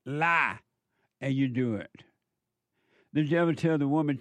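A man giving an impassioned spiritual monologue, emphatic and repetitive, slowing down to stress his points. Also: a little high, fairly bright tone, no echo. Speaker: speaker preaching about the devil.

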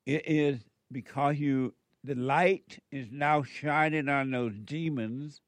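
Slow-drawling male radio host. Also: mid-range voice, steady tone, dry recording. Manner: drawling, preachy, chuckles often. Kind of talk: call-in talk radio with spiritual advice.

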